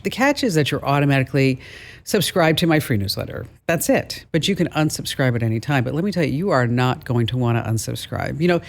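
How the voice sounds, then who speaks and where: A woman hosting a call-in radio show, chatting with callers in an upbeat, playful manner. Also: rumbling low.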